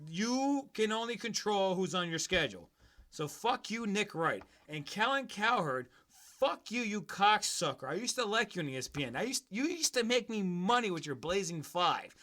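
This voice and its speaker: Speaking high in his range, this sports podcast host sounds sing-song, bright and cutting at a moderate pace. He chats casually and wanders off on mocking, profane tangents.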